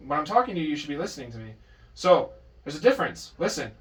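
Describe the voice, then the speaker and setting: A man's voice: fairly high pitch, sing-song, fast. A man teaching a private drum lesson, patient but firm, correcting his student and counting out beats. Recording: distant mic with drums in the room.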